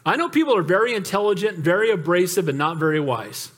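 A man preaching a sermon as pastor, telling stories with lively asides and calling for amens. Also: sits high, quick pace. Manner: animated storytelling with calls for amen.

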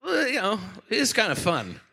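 Bright, high-voiced pastor preaching. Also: male voice, normal speed, gravelly, slightly rough. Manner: animated storytelling, playful. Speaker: senior pastor. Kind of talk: sermon. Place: church.

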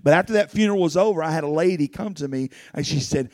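A man's voice: on the high side, quick pace, darkish tone, no room sound, clean studio sound. A man preaching a sermon as pastor, telling personal stories earnestly and rising into fervent pleading.

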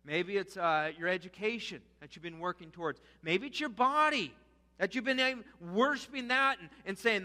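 A man's voice: sits high, normal speed, sharp tone. A man preaching a sermon to his congregation in a conversational way, asking the listeners rhetorical questions. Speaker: pastor. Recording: long hall reverb.

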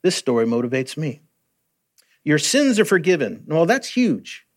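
Earnest, slightly high-voiced male preacher. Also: sing-song, a little slow. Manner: conversational, earnest, with many fillers and restarts. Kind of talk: sermon.

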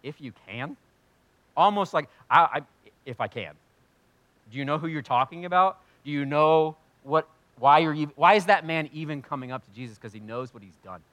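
Animated preaching man, bright voice. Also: fairly high pitch, fairly quick, hardly any pauses, no room sound. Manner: animated preaching, swinging from loud emphasis to quiet. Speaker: pastor. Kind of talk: sermon.

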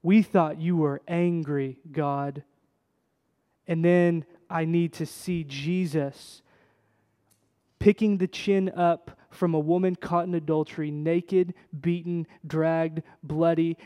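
Guy preaching a sermon, kinda high voice, goes from hushed to big and loud, long echo of a big hall. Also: fairly even intonation, takes it slowly, clear, resonant tone. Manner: impassioned, swings from hushed to loud emphasis. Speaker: pastor. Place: church sanctuary. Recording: long reverb of a large hall.

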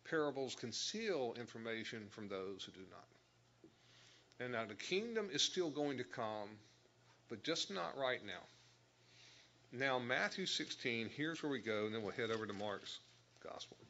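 A man's voice: mid-range voice, animated, unhurried, sharp tone, dull audio. A man teaching a Bible lesson, explaining verse by verse and stressing key words. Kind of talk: sermon.

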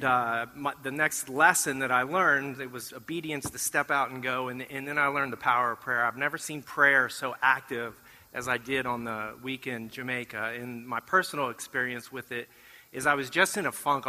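A middle-aged man shares a testimony from the front of a church, his voice very bright and clear. He tells the story with lively acted-out dialogue and self-deprecating jokes, and the sound rings out with the long reverb of a large hall. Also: mid-range voice. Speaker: church mission trip speaker. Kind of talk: testimony talk to a congregation.

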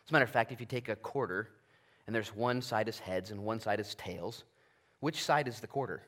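A man preaching a conversational Bible-study sermon as pastor, animated, moving between loud emphasis and quiet asides. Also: on the low side, brisk. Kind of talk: expository sermon. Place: church sanctuary.

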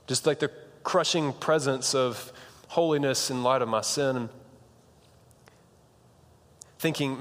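A man's voice: medium pitch, moderate pace, a bit bright, long reverb tail. A young man preaching a sermon in a casual, conversational way, with slang and frequent restarts. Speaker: pastor.

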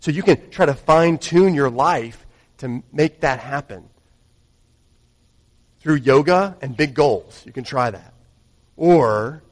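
Man, pastor, sermon, mid-pitched voice, dynamic then hushed delivery, long hall reverb. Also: unhurried, long pauses. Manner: dynamic, swings from raised emphasis to hushed intimacy.

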